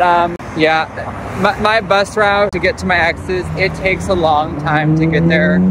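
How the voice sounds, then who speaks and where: A man with a high voice talks into a phone held at arm's length on a city street. He rambles and curses, drifting from low mutters into rants. Loud traffic noise runs under his voice. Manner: rambling, profane, swings between muttering and ranting. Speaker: vlogger. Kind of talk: casual vlog talk to camera.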